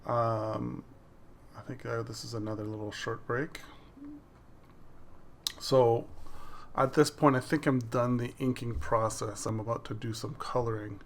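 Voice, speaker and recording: Man, gravelly voice, casual voice-over, digital art process, step-by-step explaining, faint hiss. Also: mid-range voice, steady tone, measured pace, long pauses. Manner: explains each step as the work plays on screen. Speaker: digital artist.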